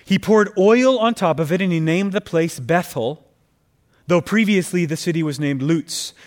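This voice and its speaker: A man's voice: high voice, normal speed. A man preaching a sermon, reading scripture aloud and pressing his points with rising emphasis, calling his listeners friends.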